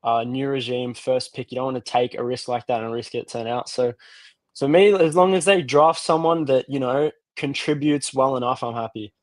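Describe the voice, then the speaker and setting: A man's voice: mid-range voice, normal speed, dry recording. Rambling Australian man caller. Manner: relaxed, rambling, lots of fillers and restarts. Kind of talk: casual call-in chat.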